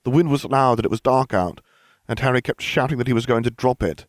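A man voicing a bossy, studious teenage girl who is a witch, in a higher, precise, exasperated tone. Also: brisk, no room sound, studio quality, natural voice. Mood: earnest, bossy.

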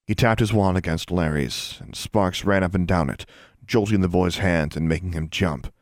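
A man reading a fantasy story aloud in a measured, even narration. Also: sits low, dry recording, studio quality. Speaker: audiobook reader.

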